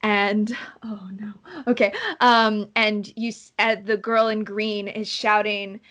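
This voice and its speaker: A woman narrating a tabletop game as game master. She describes scenes at length and pauses often with fillers. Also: medium pitch, level tone, fairly bright tone.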